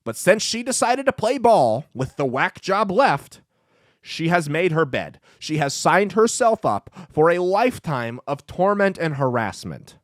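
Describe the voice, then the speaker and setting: A man's voice: on the high side, sing-song, measured pace, dry recording, studio quality. A man hosting a podcast, delivering a brash, emphatic opinion monologue full of crude jokes. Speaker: podcast host and comedian.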